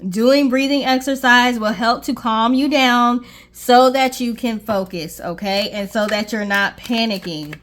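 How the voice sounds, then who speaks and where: High-voiced woman giving a tarot reading. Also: a bit bright. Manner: reassuring, repeats "okay?" often. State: briefly out of breath. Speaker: tarot reader. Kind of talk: casual tarot reading to viewers.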